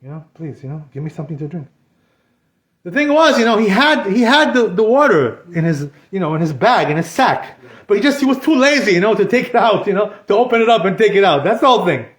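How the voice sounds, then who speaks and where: Male rabbi, high voice, conversational Torah lesson, echoey hall sound, keeps saying "you know". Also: expressive, fast talker, hardly any pauses, a bit bright. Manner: conversational, constantly says "you know", mixes in Hebrew terms. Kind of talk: informal Torah class. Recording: echoey room.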